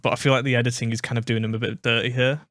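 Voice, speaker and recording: A man's voice: mid-range voice, flat delivery, very fast, a bit bright, no room sound, clean studio sound. A man from Manchester with a British English accent, hosting a reaction video, musing aloud and second-guessing himself as he repeats words. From Manchester, England. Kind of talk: casual commentary over a clip.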